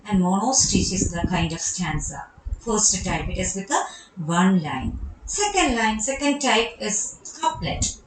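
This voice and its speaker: A woman's voice: medium pitch, very animated, a little slow, echoey room, a little hiss or hum, low-quality recording. A woman with a Malayali accent teaching a poetry lesson, explaining step by step and repeating key terms. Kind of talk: recorded online lecture on poetry.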